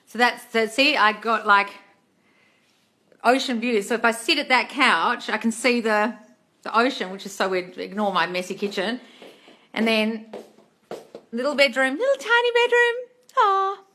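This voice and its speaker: A woman's voice: fairly high pitch, unhurried, long pauses, bright, forceful tone. A woman hosting a casual phone livestream from her new apartment, chatty, reading comments aloud and calling viewers darling. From Australia. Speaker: manifesting coach hosting a livestream. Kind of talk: casual livestream chat and advice.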